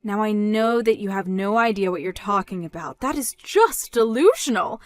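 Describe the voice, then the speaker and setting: In a dramatized story, a woman voices a scornful, controlling middle-aged mother who mocks and scolds. The reading is expressive and lightly acted at a moderate pace. She's loud and mocking, her pitch rising when she scolds.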